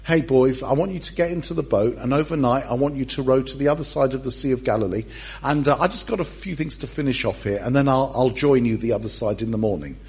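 A man's voice: medium pitch, fast talker, a little mellow, slightly rough. A preacher voicing a leader casually ordering his friends into a boat, offhand and breezy. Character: cheerful man giving casual orders to friends.

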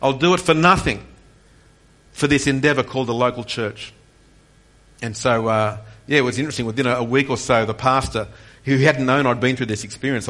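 A man in his forties preaching a passionate sermon with personal testimony, rising in intensity on key points. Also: mid-range voice. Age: 40s. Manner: passionate, rising to near-shouts on key points, with frequent restarts. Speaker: pastor.

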